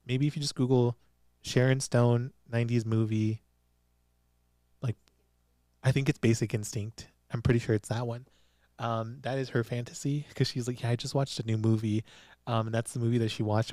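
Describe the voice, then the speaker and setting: Male podcast host, casual giggly recap voice, mellow tone, close dry sound. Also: mid-range voice, no room sound. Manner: giggly, animated storytelling with frequent laughs. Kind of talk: casual chat recapping a TV drama. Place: small studio with a producer present.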